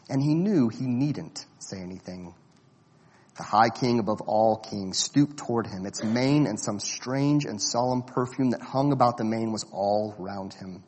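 A man reading a storybook aloud in a measured, expressive way. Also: on the low side, slightly rough, big-room sound. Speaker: narrator.

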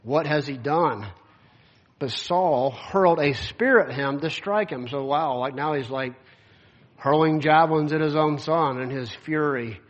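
A man's voice: fairly high pitch, a little slow, muffled recording. A man preaching a sermon, reading scripture aloud and explaining it in a casual, conversational way with lots of filler words. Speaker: pastor.

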